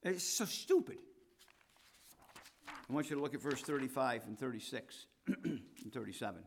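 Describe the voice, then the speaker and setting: A man preaching a sermon, reading scripture and swinging between loud declarations and quiet asides. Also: mid-range voice, lively intonation, brisk. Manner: emphatic, rising to loud declarations and dropping to asides.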